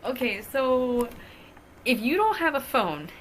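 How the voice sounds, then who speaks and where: A woman's voice: high voice, big pitch swings, slow pace, slight background noise. A young adult woman telling a personal story in a casual vlog, profane and exasperated. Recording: clear music playing behind the voice. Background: music.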